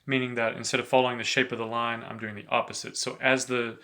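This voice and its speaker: A man giving a relaxed, chatty saxophone lesson, talking between played examples and filling his talk with "you know". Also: medium pitch, quick pace. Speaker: saxophone teacher. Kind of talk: casual instructional talk between playing examples.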